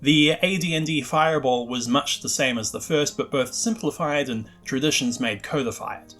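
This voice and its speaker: A man's voice: mid-range voice, moderate pace, a bit bright, faint music behind. A man hosting a scripted narration about the history of a tabletop game spell, with wry, self-deprecating asides. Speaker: host.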